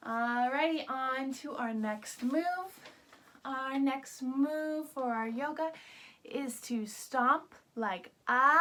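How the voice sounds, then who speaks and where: High-pitched, slow-talking woman yoga teacher. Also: sharp tone. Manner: upbeat, sing-song, coaxing young children. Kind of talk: children's yoga lesson.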